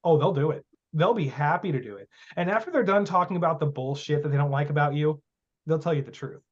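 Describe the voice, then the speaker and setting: Casual podcast guest, man, slightly high voice, blunt and profane, emphatic storyteller; muffled lo-fi audio. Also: quick pace. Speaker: guest, magic teacher.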